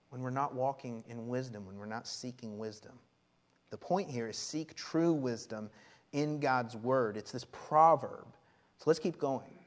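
A man preaching a sermon and teaching from scripture, animated, laughing often and repeating words as he goes. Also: mid-range voice. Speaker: pastor.

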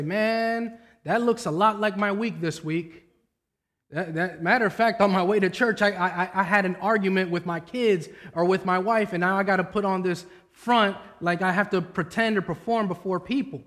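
A man's voice: high voice, fairly bright tone. A man in his thirties preaching a sermon in a conversational, storytelling way, weaving in personal anecdotes. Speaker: pastor.

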